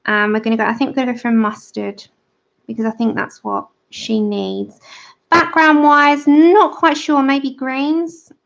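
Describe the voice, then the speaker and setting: Lady coloring on a livestream, slow chatty, bit of vocal fry, slightly muffled audio. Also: high-pitched, fairly even intonation. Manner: chatty, reads out and answers live chat. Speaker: livestream host. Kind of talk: casual chat while coloring. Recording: slightly dull lo-fi sound.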